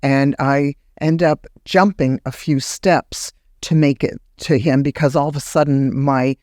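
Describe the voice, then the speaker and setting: A woman's voice: dry recording, clean studio sound. Woman telling a personal story. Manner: animated, acts out remembered words in a higher voice; halting restarts when recounting. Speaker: guest. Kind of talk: personal storytelling in a podcast interview.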